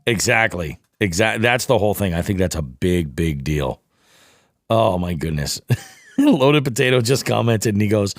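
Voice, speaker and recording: A man hosting a podcast in casual chat, enthusiastic and quick to laugh. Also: on the low side, big pitch swings, no echo, clean studio sound. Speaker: podcast host. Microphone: studio dynamic mic.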